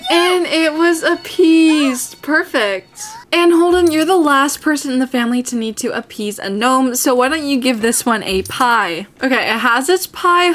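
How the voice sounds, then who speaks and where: A woman giving casual, chatty commentary over her gameplay, excitable and gasping often. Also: sits high. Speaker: gaming channel host.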